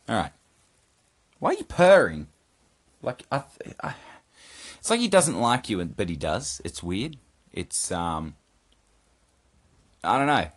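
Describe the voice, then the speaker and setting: In a solo podcast check-in recorded at home, a low-voiced male host speaks off the cuff. He wanders from point to point, curses often, makes jokes at his own expense, and stops now and then to scold his cat.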